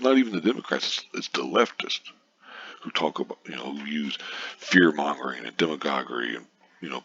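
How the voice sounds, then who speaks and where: A man's voice: extremely low pitch, bright, forceful tone, slightly rough, muffled recording. A man giving a casual, profane and sarcastic rant, reading out posts and scoffing at them. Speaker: commentator.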